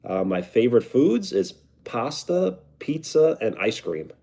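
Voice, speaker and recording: A man's voice: mid-range voice, big pitch swings, unhurried, gravelly, warm tone. A young man with a New York accent, chatting casually on a live stream and answering viewer comments. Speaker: livestreamer.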